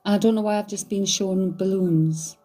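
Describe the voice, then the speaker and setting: A woman's voice: medium pitch, steady tone, normal speed, dark tone, faint music behind. A woman doing a psychic reading, thinking aloud in a hesitant, searching way. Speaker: psychic medium. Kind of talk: live medium reading.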